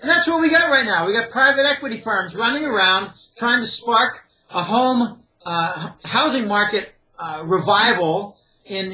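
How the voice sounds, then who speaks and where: High, bright-voiced man warning emphatically. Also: rough recording. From Greater Pittsburgh, USA. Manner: emphatic, warning, repetitive "I think" phrasing. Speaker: interview guest, economic analyst. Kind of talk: opinionated interview talk.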